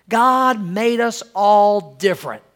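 A man's voice: expressive, slow pace, a bit bright. A middle-aged man preaching a sermon, asking for amens and acting out everyday scenes. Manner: preacherly, calls for amens, acts out quoted wives in a high voice. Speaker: pastor.

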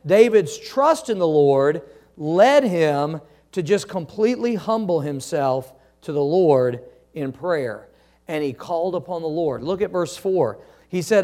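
A man preaching a sermon as a pastor, reading scripture aloud and asking the congregation to answer back, often dropping to soft, slow phrases. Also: a little high, animated. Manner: preaching with call-and-response questions to the congregation.

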